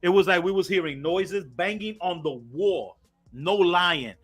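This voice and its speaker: A man, a podcast host, telling a story in casual chat, animated and swearing a lot, acting out quotes loudly. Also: high-pitched, a little slow, husky, faint music behind.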